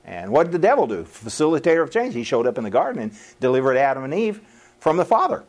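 A middle-aged man preaching a sermon to a live audience in a folksy, animated way, laughing at his own lines and acting out quoted voices. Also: mid-range voice, quick pace.

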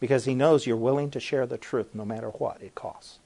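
A man's voice: mid-range voice, fairly even intonation, a little fast, vocal fry, mellow. A man preaching an emphatic sermon-style talk, firing rhetorical questions and repeating phrases as he presses each point.

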